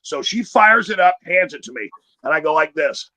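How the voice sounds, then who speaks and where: A man's voice: fairly high pitch, expressive, normal speed, pushed and bright, no echo. Profane rambling comedian man. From Chicago area. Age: middle-aged. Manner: profane, rambling, many fillers. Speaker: stand-up comedian. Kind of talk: stand-up storytelling.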